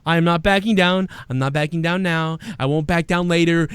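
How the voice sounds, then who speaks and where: A man's voice: fairly high pitch, steady tone, a little fast, fairly bright tone, clear, resonant tone, dry recording. A man hosting a show, ranting casually with profane, combative, mocking insults aimed at a critic. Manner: sarcastic, mocking. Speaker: show host reading viewer donations. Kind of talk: casual livestream rant.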